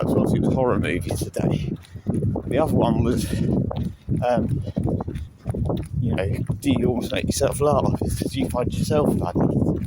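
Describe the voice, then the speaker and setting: A man vlogging casually, rambling with lots of fillers, speaking into a handheld phone outside on a seaside promenade. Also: mid-range voice. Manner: rambling, chatty, full of fillers. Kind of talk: casual vlog chat. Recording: loud outdoor background noise.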